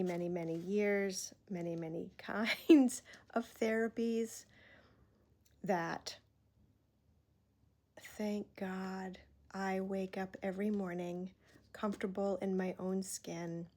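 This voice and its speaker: A woman talking in a reflective personal vlog, earnest and emotional, pausing often and sighing. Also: mid-range voice, a little mellow. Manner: slow, heartfelt, pausing often with sighs. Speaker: vlogger.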